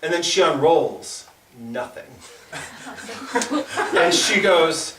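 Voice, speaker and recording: The open-mic performer is a young man doing stand-up in a small club, telling stories in a stammering, halting way full of restarts, his voice high and animated. He's heard from across the room with no microphone, giving a roomy, echoey, distant sound, and the audience laughs in the background.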